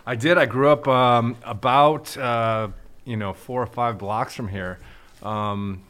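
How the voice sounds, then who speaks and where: A man's voice: mid-range voice, fairly even intonation, takes it slowly, a bit bright, smooth. A man, a restaurant owner, talking casually on a podcast, laid-back, with many fillers and some swearing.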